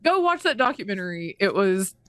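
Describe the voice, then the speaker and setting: A woman's voice: mid-range voice, sing-song, brisk, fairly bright tone, dry recording, studio quality. Indignant, foul-mouthed woman podcaster. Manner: indignant, swears freely, rambling. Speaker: podcast co-host. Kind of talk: casual chat.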